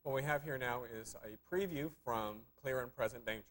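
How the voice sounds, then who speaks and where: Dry-humored man co-hosting a live TV film show, middle voice, halting with lots of ums. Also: medium pitch, heavy background noise. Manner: dry, teasing, hesitant with many fillers. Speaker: co-host of a film review show. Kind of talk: casual live TV chat.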